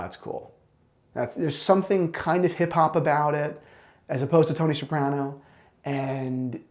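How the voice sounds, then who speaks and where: Male watch reviewer, gravelly tone, blunt and enthusiastic opinions. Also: a little high, a little mellow. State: out of breath.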